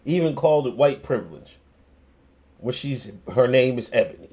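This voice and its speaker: A man's voice: mid-range voice, normal speed, highs cut off. A young man hosting his own channel, ranting in casual commentary with lots of swearing and restarts. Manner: profane, animated ranting with restarts and laughs.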